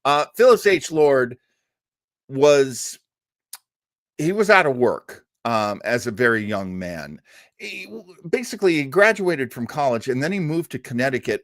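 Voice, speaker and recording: A male host from New England tells old radio history in a casual, rambling way, breaking off with little laughs and fillers. His pitch swings around a lot. The sound is close and dry, with no room around it. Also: fairly bright tone, no echo. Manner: chatty and digressive, with frequent fillers and laughs. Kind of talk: casual storytelling commentary.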